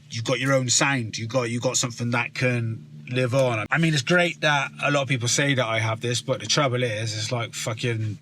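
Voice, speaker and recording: A man with a broad Somerset West Country accent talks to camera in a loose, rambling way, swearing freely and circling back on himself. His voice sits at an ordinary middle pitch and has a bright, forward edge. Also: slight background noise. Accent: West Country English, Somerset. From South West England. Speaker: rapper. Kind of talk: casual chat to camera.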